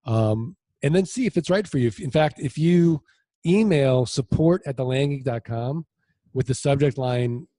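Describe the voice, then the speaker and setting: Mellow-voiced man telling animated anecdotes. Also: mid-range voice, normal speed, no room sound. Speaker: land investor guest. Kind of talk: casual interview storytelling.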